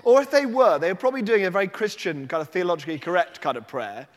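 A man's voice: high-pitched, lively intonation, fast, big-room sound. A man preaching a sermon, telling the story animatedly and slipping into acted voices.

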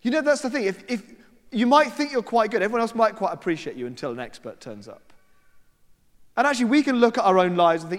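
Male preacher, chatty storyteller, lively swooping delivery, church hall reverb. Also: high voice, fast. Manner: conversational storytelling with quoted voices and asides. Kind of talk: sermon.

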